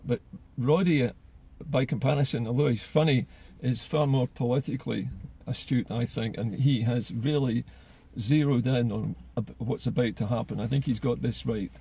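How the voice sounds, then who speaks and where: A man's voice: medium pitch, steady tone, normal speed, gravelly, hardly any pauses, dark tone, husky. A man giving solo political commentary in an earnest way, often repeating words as he gathers his thoughts.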